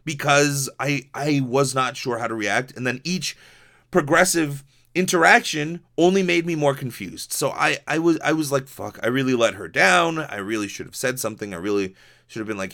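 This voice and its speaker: A man's voice: medium pitch, normal speed, a bit bright. A young man from Hawaii hosting a podcast, telling a story in a rambling, profane casual monologue full of restarts and fillers. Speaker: podcast host.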